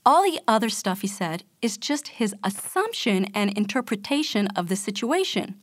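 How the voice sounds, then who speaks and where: A woman gives a calm self-help talk, explaining her points steadily and addressing the listener directly. Her voice sits at an ordinary middle pitch in a dry, close recording. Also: moderate pace, dry recording. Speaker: motivational speaker.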